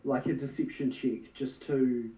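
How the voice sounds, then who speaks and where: A man's voice: medium pitch, steady tone, unhurried, warm tone, roomy sound, distant mic, low-quality recording. A man playing a nervous young warlock in a tabletop role-play, stammering and hesitant. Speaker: player.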